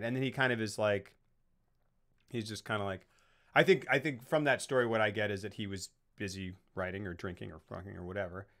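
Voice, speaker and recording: A man's voice: on the low side, a bit bright. A man on a casual film podcast, rambling as he retells movie scenes. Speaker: podcast co-host.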